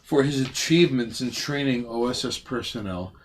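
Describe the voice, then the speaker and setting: A man co-hosting a casual late-night stream, reading facts aloud with profanity and loud outbursts. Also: mid-range voice, moderate pace, slight background noise. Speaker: podcast co-host.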